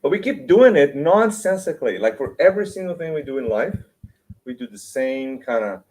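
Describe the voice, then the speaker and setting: A man's voice: fairly high pitch, lively intonation, normal speed, darkish tone, low-quality recording. A man giving an informal spiritual lecture, talking in a loose, chatty way, tagging "right?" onto his sentences and often restarting his words. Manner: conversational, keeps asking "right?"; acts out whiny complaints to make his point. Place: lecture room.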